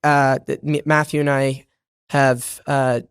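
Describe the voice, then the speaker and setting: This podcast guest is a young Boston stage actor with a slight local accent who keeps laughing and leans on fillers and restarts in a casual interview. He speaks slowly at a medium pitch, flat in delivery, with a clear, resonant tone. It's a dry, studio-quality recording.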